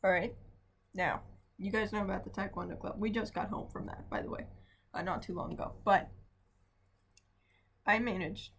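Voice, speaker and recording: A woman's voice: medium pitch, fairly even intonation, moderate pace, long pauses, a little hiss or hum. A young adult woman, a student, telling a casual diary vlog from home in a rambling, chatty way that keeps asking "right?". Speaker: vlogger, student.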